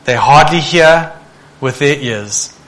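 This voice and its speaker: Bright-voiced man preaching. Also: a little high, takes it slowly. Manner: animated, asks the congregation rhetorical questions. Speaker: pastor. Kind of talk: sermon.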